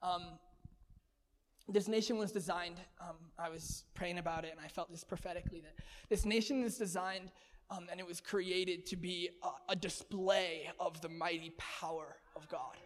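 A man preaching a sermon in an energetic, conversational way, laughing often. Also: high-pitched, moderate pace, big-room sound.

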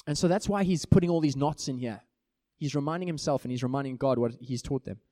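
Animated preacher man with a mellow voice. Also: medium pitch, quick pace, no echo, studio quality. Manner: animated, acts out little everyday scenes. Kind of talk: sermon.

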